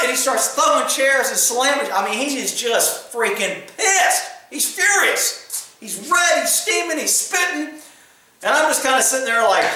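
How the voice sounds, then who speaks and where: A middle-aged man, a retired police officer casually telling a profane, animated story full of quoted dialogue. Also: extremely high pitch, moderate pace, far from the mic. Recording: echoey room, voice a bit off-mic.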